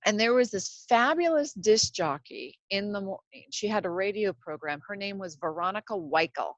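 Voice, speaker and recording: A woman's voice: mid-range voice, animated, normal speed, dry recording, rough recording. A woman in her fifties from Seattle, hosting a casual podcast monologue from her home closet in a chatty, rambling, self-deprecating way. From Seattle, USA. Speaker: podcast host.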